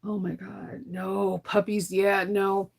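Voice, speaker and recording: A woman's voice: mid-range voice, flat delivery, slow, creaky, a little mellow. A middle-aged woman chatting casually while she sews, laughing often and trailing off mid-sentence, tired as she recovers from an illness. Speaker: sewing vlogger. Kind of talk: casual chat while sewing.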